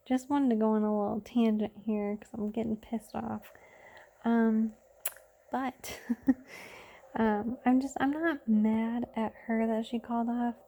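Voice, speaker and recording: A woman's voice: fairly high pitch, creaky, mellow. A young woman chatting tiredly and rambling through a late-night vlog as a mother. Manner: rambling, self-interrupting, chatty. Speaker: vlogger.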